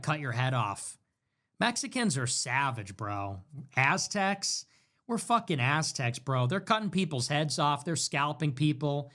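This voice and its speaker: Young man, livestream rant, mocking, sarcastic, whiny impressions, very animated pitch. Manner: mocking, sarcastic, mimics others in whiny voices. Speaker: livestream political commentator. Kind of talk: ranting livestream monologue.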